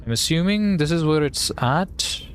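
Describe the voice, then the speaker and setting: A man's voice: on the high side, expressive, normal speed, soft background music. A man streaming a game, chatting casually and playfully while thinking aloud and reading bits to himself. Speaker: gaming streamer. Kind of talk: casual gameplay commentary.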